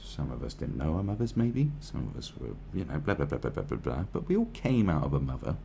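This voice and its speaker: A man's voice: very deep voice, big pitch swings, fast talker, creaky, dark tone, slight background noise. A man giving profane, rambling, sarcastic commentary on a news article.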